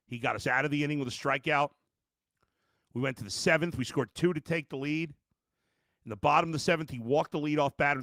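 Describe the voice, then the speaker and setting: A man's voice: medium pitch, a bit bright, dry recording. A middle-aged man hosting a live sports podcast, ranting emphatically at viewers with lots of restarts. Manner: addresses viewers directly as folks. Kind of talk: live postgame reaction podcast.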